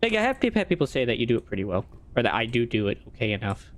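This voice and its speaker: A man's voice: mid-range voice, big pitch swings, rapid-fire. A man streaming a game, chatting casually and answering his chat as he plays. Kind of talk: casual chat while gaming.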